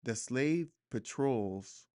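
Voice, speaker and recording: A man's voice: medium pitch, lively intonation, extremely slow, warm tone, no echo. A man speaking as a guest author in a studio interview, earnest and reflective, building to emphatic points. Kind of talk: podcast interview conversation.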